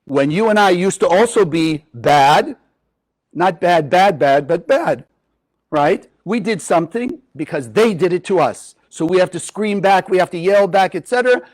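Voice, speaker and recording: A man giving a spiritual Kabbalah teaching to a live group, lively and often asking his listeners questions. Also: high voice, moderate pace, hardly any pauses. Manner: animated, asks the audience questions.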